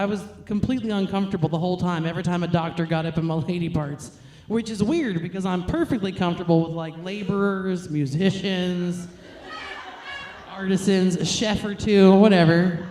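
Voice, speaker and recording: A woman's voice: mid-range voice, mellow, reverberant. A young woman from New York, a stand-up comedian, telling crude, self-mocking jokes.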